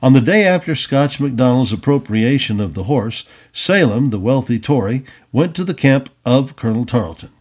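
A man narrating an old adventure story aloud in an expressive storybook reading. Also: medium pitch, normal speed, few pauses, slightly rough. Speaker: audiobook reader.

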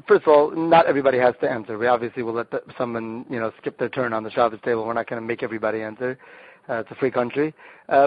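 A man's voice: mid-range voice, no room sound. A man, a rabbi, guest on the show, enthusiastically explaining group games step by step, often restarting his sentences. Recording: dull, dry lo-fi sound.

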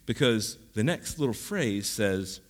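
A man's voice: on the low side, lively intonation, measured pace. A man preaching a sermon in a conversational teaching style, with jokes and asides. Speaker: pastor.

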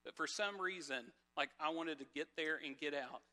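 Pastor, man, slightly high bright voice, chatty sermon with a personal story, loose and conversational. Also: normal speed. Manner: conversational, many fillers and restarts.

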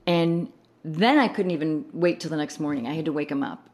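Lively woman telling a story. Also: low-pitched, a little fast, noisy background. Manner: animated retelling, laughing through quoted lines. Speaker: guest. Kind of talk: casual storytelling.

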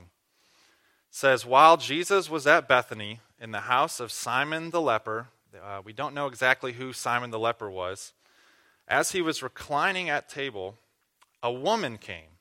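A man preaches a sermon, walking his listeners through a passage. His voice is bright and forward, and he teaches earnestly, asking questions and restarting phrases as he goes. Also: on the low side, clear, resonant tone. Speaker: pastor.

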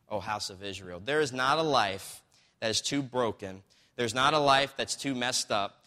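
A pastor preaching a sermon in a conversational, storytelling way, recorded in a church sanctuary. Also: male voice, medium pitch, normal speed, pushed and bright. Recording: long reverb of a large hall.

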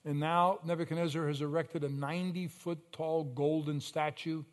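Pastor guy preaching, kinda high voice, tells stories then gets loud and slows way down to hammer a point. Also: little pitch movement. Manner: storytelling preacher with sudden loud surges and slow emphatic phrases. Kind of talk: sermon.

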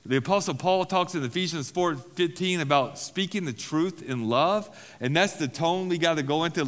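A man's voice: on the high side, moderate pace, few pauses, fairly bright tone, long reverb tail. A man preaching as a pastor at a recovery-group meeting, talking casually, repeating key phrases and making self-deprecating asides. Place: church hall.

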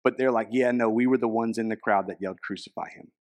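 A man's voice: medium pitch, steady tone, quick pace. A young man preaching a sermon as a pastor, casual and conversational, with frequent fillers.

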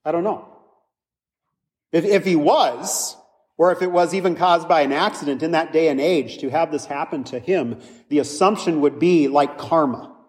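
A man's voice: a little high, moderate pace, darkish tone, big-room sound. A man, a pastor, preaching a conversational sermon full of rhetorical questions.

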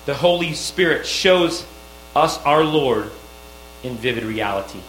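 A man's voice: mid-range voice, lively intonation, measured pace, fairly bright tone. Emphatic male pastor in an echoey room. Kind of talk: sermon. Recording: echoey room with mains hum.

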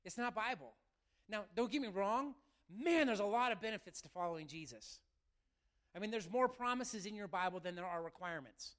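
Pastor guy, kinda high voice, preaching to his church, all fired up and chatty. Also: fairly quick. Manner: animated preaching, talks to the congregation directly. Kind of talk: sermon.

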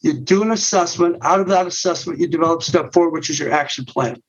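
A man's voice: on the high side, fairly quick. A middle-aged man, a men's ministry leader, explaining his method step by step in a podcast interview with frequent restarts and repeated words. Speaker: guest, men's ministry director. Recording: dull, muffled sound.

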